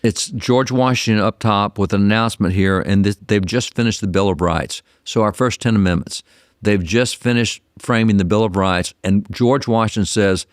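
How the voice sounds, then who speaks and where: Brief: guest historian, man, lower voice, dry close sound, animated storyteller who restarts phrases. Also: normal speed, no echo. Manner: animated, repeats words when starting sentences. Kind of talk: interview storytelling.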